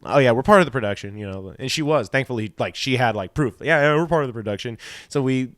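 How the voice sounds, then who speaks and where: A man's voice: mid-range voice, lively intonation, fast, no echo, studio quality. A young man co-hosting a podcast, telling a drunken story in a rambling, profane way with lots of fillers. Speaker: podcast co-host. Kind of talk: casual storytelling.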